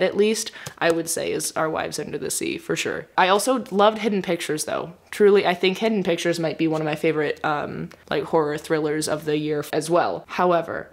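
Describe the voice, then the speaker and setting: A young woman with a fairly low voice talks through a book review in a casual vlog. Her nose is stuffy from a cold, and she rambles with real feeling, slipping into little laughs. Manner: rambling, emotional, laughs often. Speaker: book vlogger.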